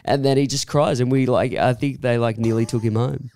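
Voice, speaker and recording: Rambling Australian man, mid pitch. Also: steady tone, fairly quick, darkish tone. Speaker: podcast co-host. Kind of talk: casual chat.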